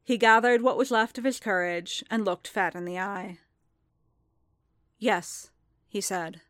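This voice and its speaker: A woman reading a piece of fan fiction aloud in an even, intimate storytelling manner. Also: medium pitch, moderate pace, dry recording, studio quality. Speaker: reader.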